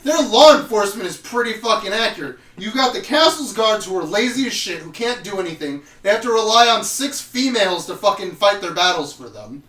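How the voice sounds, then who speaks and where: Brief: high-pitched guy on a podcast, rambling and cursing, in an echoey room a bit off the mic. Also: animated, brisk, hardly any pauses, sharp tone, recorded from a distance. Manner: rambling, swears often, trails off mid-sentence. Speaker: podcast co-host. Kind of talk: casual chat recapping episodes.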